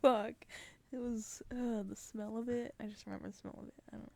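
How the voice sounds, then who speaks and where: Giggly young woman with a gravelly voice. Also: fairly high pitch, flat delivery, brisk. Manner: giggly, drops into soft half-whispered asides. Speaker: podcast co-host. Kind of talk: casual chat.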